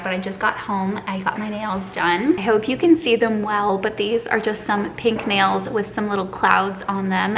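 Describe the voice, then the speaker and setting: A woman's voice: medium pitch, fairly bright tone, echoey room, slight background noise, rough recording. A woman in her twenties from Quebec, chatting casually through a food vlog in her home kitchen, bubbly and self-deprecating. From Quebec, Canada. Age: 20s. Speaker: food vlogger.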